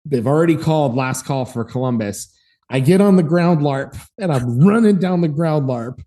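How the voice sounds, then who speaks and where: A man in his thirties co-hosting a podcast, telling a story in a lively, casual way and acting out the voices in it. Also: a little high, normal speed. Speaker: podcast co-host.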